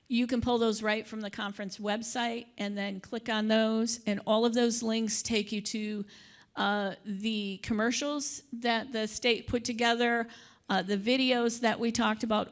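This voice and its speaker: A woman's voice: fairly high pitch, fairly even intonation, measured pace. An older woman from Michigan giving a conference workshop presentation, chatty, with joking asides and the odd stumble over her words.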